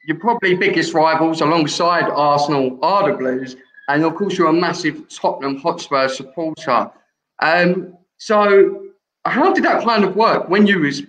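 A young man hosting a live show, asking interview questions in a measured, friendly way. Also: a little high, animated, fairly bright tone, echoey room, poor audio. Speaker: host.

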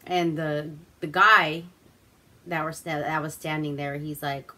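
Woman from Alaska, crude rambling movie recap, slow drawl, lowish voice. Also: fairly even intonation, noisy background. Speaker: movie review host.

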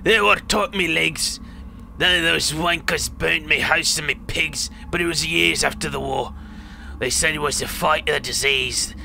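A man's voice: fairly high pitch, unhurried, vocal fry, bright, forceful tone, slight background noise, full character voice. A man putting on a ranting old villager. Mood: bitter. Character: bitter rambling old man in a wheelchair.

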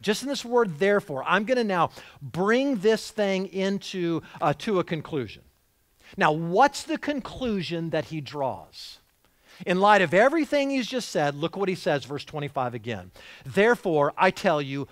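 A man's voice: a little high, expressive, fairly quick, dry recording. A male pastor preaching a sermon in a church, talking in a conversational yet emphatic way, often repeating and restarting phrases. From United States.

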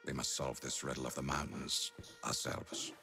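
Deep-voiced British-sounding leader, solemn and formal, video game, music underneath. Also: male voice, level tone, moderate pace, gravelly. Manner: grave, formal, aphoristic. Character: stern, measured male leader of a sun kingdom.

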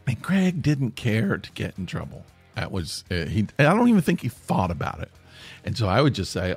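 Lively, animated male podcast storyteller. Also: fairly low pitch, moderate pace, breathy edge, no room sound, faint music behind. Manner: animated, self-deprecating, laughs mid-sentence. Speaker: podcast host. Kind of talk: comic storytelling.

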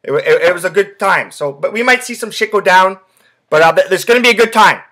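A man's voice: high-pitched, lively intonation, brisk, bright, forceful tone. A young man hosting a sports podcast, telling a rambling story packed with swearing and fillers. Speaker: podcast host. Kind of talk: casual sports podcast chat.

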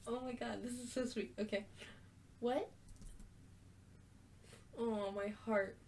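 A woman's voice: a little high, steady tone, slow pace, pauses often, darkish tone, a little hiss or hum. A woman giving casual, emotional let's-play commentary on a story game. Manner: emotional, gushing, talks openly about being moved. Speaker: gaming video creator.

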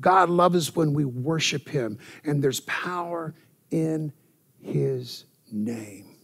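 A male pastor delivers an animated church sermon, repeating words and punctuating his points with "amen". His voice sits a little high and has a gravelly edge. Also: slow pace.

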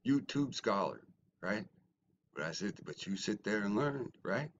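A man ranting at critics in a response video, mocking and swinging from low muttering to loud shouting. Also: big pitch swings, a little slow, muffled recording, slight background noise. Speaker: YouTuber. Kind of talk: confrontational response video rant.

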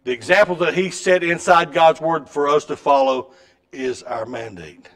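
A middle-aged man preaching a sermon in a church, with a folksy storytelling way that swings between loud and soft. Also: on the high side, normal speed. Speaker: pastor. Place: church sanctuary.

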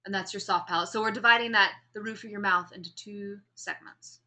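A woman giving a classroom lecture on public speaking, explaining vocal variety and demonstrating pace and pauses as she talks. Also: medium pitch, steady tone, bright, forceful tone.

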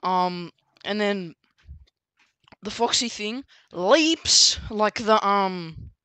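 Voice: mid-range voice, very slow, sharp tone, smooth, dry recording. A book reviewer casually recapping a story, rambling with many fillers and restarts.

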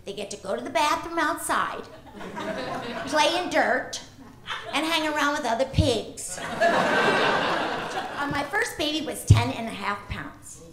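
A woman doing stand-up comedy on a club stage, chatty and punchy, with a funny high voice. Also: sing-song, slow, long pauses, heavy background noise. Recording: echoey club with crowd laughter.

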